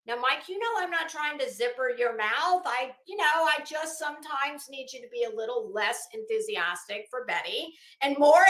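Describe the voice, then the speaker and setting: A woman's voice: sits high, bright, forceful tone, echoey room. A woman hosting a casual live stream, chatting with viewers by name and swearing freely. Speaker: live stream host reading chat.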